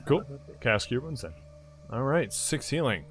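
A man's voice: medium pitch, very animated, unhurried, fairly bright tone, soft background music. A young man acting as game master, describing scenes in a rambling way and laughing often. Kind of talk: running a tabletop game.

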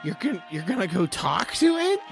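A jittery little creature stammers out his worries in a high, squeaking voice, as a man puts him on. Music plays clearly in the background. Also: very animated, normal speed, heavily acted. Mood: panicky. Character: small nervous male critter companion.

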